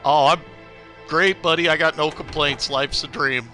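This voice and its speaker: Bright, upbeat male game streamer. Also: on the high side, fairly even intonation, normal speed, soft background music. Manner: chatty, upbeat, greets viewers by name. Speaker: gaming livestreamer. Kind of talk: casual live gameplay commentary.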